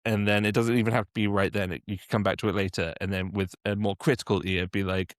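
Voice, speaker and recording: A man's voice: on the low side, little pitch movement, fast talker, hardly any pauses, dry recording, clean studio sound. A man who works as a dialect coach, answering interview questions with practical, step-by-step advice. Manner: practical, encouraging, explains step by step.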